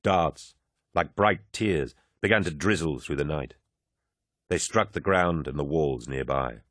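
A man narrating an audiobook in a measured, dramatic storytelling manner. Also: rumbling low, fairly bright tone, no echo, studio quality.

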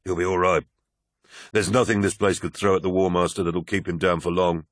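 A man voicing a stoic male warrior who quietly reassures his brother in arms. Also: low voice, little pitch movement, brisk, dry recording, studio quality, close to an everyday voice. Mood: reassuring. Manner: subdued and reassuring.

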